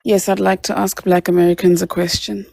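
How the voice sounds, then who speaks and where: A woman from South Africa on an online debate panel, asking her question slowly and carefully. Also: medium pitch, level tone, vocal fry, dark tone, no room sound.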